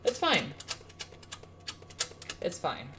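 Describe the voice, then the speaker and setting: Low-voiced woman streamer muttering to herself. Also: huge pitch swings, extremely slow, sharp tone, slight background noise. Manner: mutters to herself and swears while fiddling with hardware. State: ill with COVID. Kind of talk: casual livestream chat.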